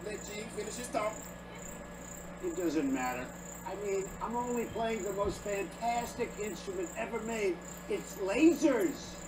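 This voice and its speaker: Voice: mid-range voice, expressive, unhurried, background noise, close to an everyday voice. A sketch comedy performer playing a bickering band member. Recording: roomy, distant, with loud music.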